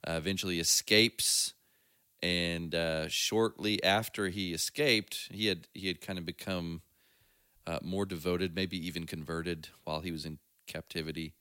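A man's voice: sits low, fairly even intonation, measured pace, sharp tone, clear, resonant tone, no echo, studio quality. A man co-hosting a casual faith podcast, telling stories with plenty of fillers and easy laughs. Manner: storytelling, laughs easily, trails off with fillers. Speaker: podcast co-host. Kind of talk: casual chat.

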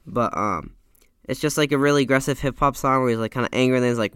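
A man's voice: medium pitch, fairly even intonation, fast talker, pushed and bright, clear, resonant tone, no echo, clean studio sound. A man casually reviewing an album track by track, talking with rambling enthusiasm into a microphone with a pop filter. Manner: enthusiastic, rambling, self-correcting. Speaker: music reviewer. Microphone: studio mic with pop filter.

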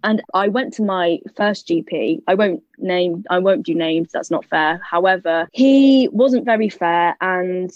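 A young British woman telling a personal story in casual conversation. She is lively and jokey and acts out what other people said. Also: lowish voice, a little slow, few pauses, dry recording. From United Kingdom. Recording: dull, slightly lo-fi, dry sound.

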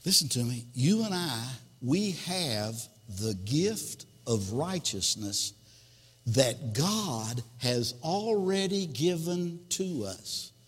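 A man's voice: on the high side, big pitch swings, takes it slowly, slightly rough. A male pastor preaching a sermon, reading scripture verses and explaining them. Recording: long hall reverb.

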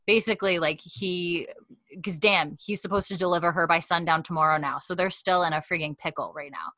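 A woman podcast host retelling a story in casual chat, her talk loose and full of fillers as she slips in quoted lines. Her voice sits a bit low but sounds bright and forward. The recording is close and dry, with no room echo. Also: moderate pace. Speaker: podcast host recapping an episode.

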